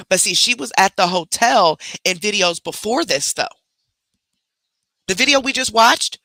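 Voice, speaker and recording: A host reacting to videos in a casual, chatty way, using slang aimed at viewers. The voice is bright and forceful, recorded dry and close with no room sound. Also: mid-range voice, no echo. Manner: casual slang, laughs openly, talks to viewers. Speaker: reaction commentator. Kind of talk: casual commentary on played videos.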